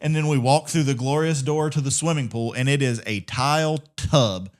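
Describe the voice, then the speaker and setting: A man of medium pitch co-hosts a podcast, speaking at a moderate pace. In casual chat he tells animated stories, swears freely, and laughs often.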